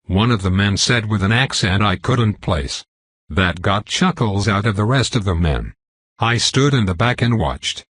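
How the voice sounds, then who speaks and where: A man's voice: on the low side, fairly bright tone, husky, no echo. A man narrating a first-person novel as an audiobook, reading steadily and evenly.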